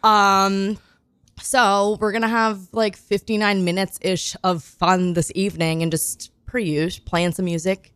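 A woman's voice: medium pitch, level tone, a little slow, fairly bright tone, clear, resonant tone, dry recording. A woman hosting a radio show, chatting casually and giggling, with lots of fillers, on a close studio mic.

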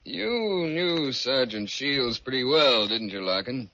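An actor playing an easygoing, matter-of-fact army colonel in an old-time radio drama. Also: male voice, medium pitch, expressive, slow pace, over music. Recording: muffled old radio recording.

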